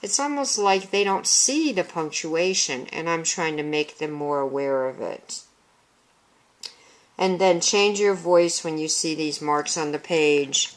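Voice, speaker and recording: Slow, low-voiced woman teaching reading methods. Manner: explains methods, then reads a children's book aloud to demonstrate. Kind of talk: recorded teaching demonstration. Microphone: handheld consumer video camera.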